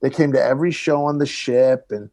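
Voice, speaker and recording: A man, a comedian, telling stories in casual podcast chat and loudly acting out what people said. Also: mid-range voice, fairly quick. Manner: animated storytelling, acts out quotes loudly.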